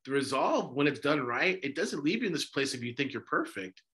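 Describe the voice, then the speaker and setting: An impassioned male priest talks through a podcast discussion, firing off rhetorical questions. His voice is bright and edged. His pitch sits in an ordinary middle range. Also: sing-song, fairly quick. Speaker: Orthodox priest and podcast host.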